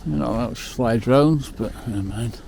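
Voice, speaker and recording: A man's voice: medium pitch, moderate pace, gravelly, a little mellow, a little hiss or hum. A man talking casually to camera outdoors on a travel vlog, rambling and emotional, with the odd swear word. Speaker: overland travel vlogger. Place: outdoors at the end of a road.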